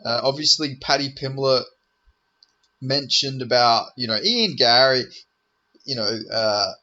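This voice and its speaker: Bright-voiced man ranting about fights. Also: medium pitch, measured pace, highs cut off. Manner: rambling, profane, joking. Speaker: MMA commentator. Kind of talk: casual fight preview commentary.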